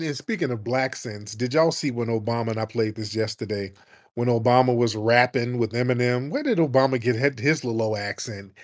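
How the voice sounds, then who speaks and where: A male radio host takes calls in a casual, blunt style. He leans on slang and mockery, and his pitch sits in the ordinary middle range for a man. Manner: blunt, mocking, slangy and animated, mimics people in put-on voices. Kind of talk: casual call-in talk.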